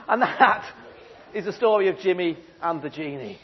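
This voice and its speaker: A man telling a story to children, theatrical and playful. His voice is unusually high and husky, and it swings widely in pitch. The recording is dull. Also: animated, normal speed. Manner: playful, theatrical, asks the audience questions. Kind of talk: animated storytelling talk. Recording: dull lo-fi sound.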